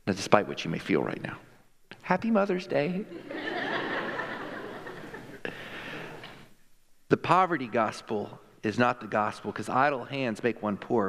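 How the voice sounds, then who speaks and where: A man's voice: lowish voice, fairly bright tone. A male pastor preaching a sermon in a conversational, emphatic way, acting out quotes in the stories he tells. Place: church sanctuary. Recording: long hall reverb.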